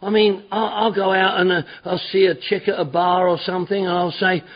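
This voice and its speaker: A man's voice: high-pitched, level tone, brisk, slightly rough. A man giving a personal recovery testimony at a meeting, rambling and repetitive with stammering restarts. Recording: dull lo-fi recording.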